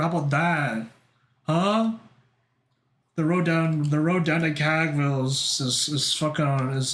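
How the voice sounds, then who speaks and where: Rambly excitable guy streaming, kinda high voice, lots of swearing, echoey room. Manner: rambling and excitable, heavy swearing and filler words. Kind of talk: casual chat with stream viewers.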